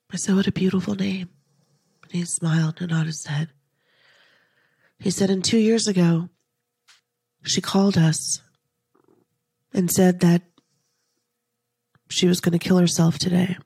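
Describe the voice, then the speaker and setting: Husky, gravelly woman telling a story. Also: lowish voice, no echo, clean studio sound. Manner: earnest, intimate, slips into soft whispers when quoting herself. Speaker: podcast host. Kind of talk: emotional personal storytelling. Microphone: podcast microphone.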